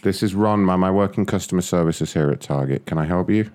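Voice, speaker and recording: A man's voice: low-pitched, brisk, darkish tone. A young man making prank phone calls, laughing a lot and talking crudely with a mocking manner. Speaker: prank caller. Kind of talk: prank phone call, casual commentary.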